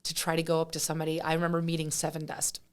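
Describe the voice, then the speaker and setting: A woman from Pennsylvania, a guest musician telling stories in a casual interview, animated and chatty with lots of fillers. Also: low-pitched, racing, clear, resonant tone. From Pennsylvania, USA.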